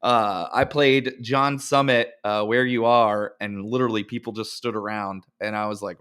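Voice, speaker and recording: A man's voice: fairly low pitch, fairly even intonation, moderate pace, few pauses, fairly bright tone, clean tone. Laid-back male DJ co-host. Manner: laid-back, lots of "like", swears, quotes people in storytelling. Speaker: podcast co-host, DJ. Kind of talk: casual chat.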